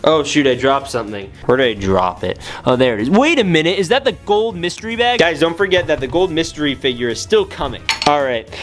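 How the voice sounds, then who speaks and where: A young man excitedly narrating a toy unboxing, joking and talking to the toys and to viewers. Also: medium pitch. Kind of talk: excited casual unboxing commentary. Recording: soft music bed under voice. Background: soft background music.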